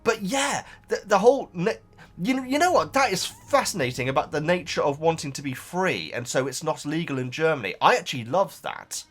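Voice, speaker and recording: A man's voice: a little high, very animated, brisk, a bit bright, soft background music. A man reading out viewer comments and chatting about them casually, wandering off into tangents and thinking aloud. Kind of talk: casual chat.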